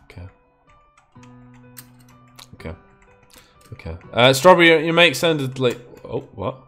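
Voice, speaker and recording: A young man hosts a game stream, chatting casually about gameplay and teasing his guest in a joking way. His medium-pitched voice is sing-song, a bit bright and a little slow, with faint music in the background.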